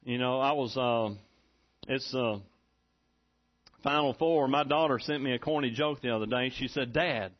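A middle-aged man preaching a sermon as pastor, folksy and rising to loud, excited preaching. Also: medium pitch. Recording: dull lo-fi recording.

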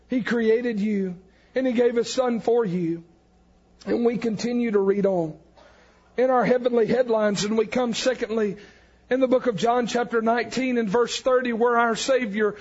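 High-voiced fervent man preaching, lo-fi. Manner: fervent, builds to shouted emphasis on key lines. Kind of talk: evangelical sermon.

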